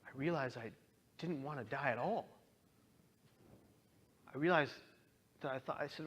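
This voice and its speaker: A man's voice: medium pitch, a little slow, fairly bright tone, slightly rough. A man in his thirties giving an earnest, emotional talk about his own experience, sometimes voicing the people in his story. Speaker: speaker. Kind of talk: personal testimony talk.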